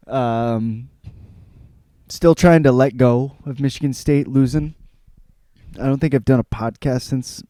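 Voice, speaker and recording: A man's voice: medium pitch, mellow, no echo. A man hosting a comedic podcast, rambling and self-mocking with casual swearing. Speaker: podcast host.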